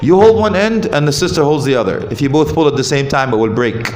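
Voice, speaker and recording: A man giving a lively talk on marriage at a mosque, asking the audience questions and joking. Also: fairly high pitch, quick pace. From Canada. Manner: animated, asks the audience questions, jokes. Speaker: visiting Islamic speaker. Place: mosque hall. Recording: roomy hall with faint ambience.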